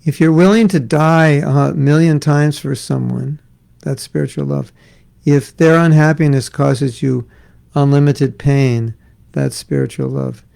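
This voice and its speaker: Middle-aged guy leading a scripture class, super gravelly voice, mellow, kinda high, jokes around. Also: fairly even intonation, a little slow, low-quality recording. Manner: conversational, joking asides. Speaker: spiritual teacher. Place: class in Florida.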